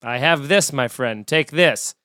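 A man quoting a kind, friendly male rideshare driver, in a calm, polite and earnest way. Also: medium pitch, a little slow, clean tone, no room sound, clean studio sound, voice pushed down.

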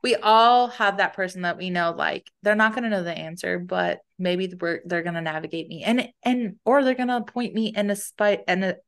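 A woman's voice: medium pitch, fairly even intonation, normal speed, hardly any pauses. A woman co-hosting a podcast in casual chat, reflective and plainspoken, thinking aloud. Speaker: podcast co-host.

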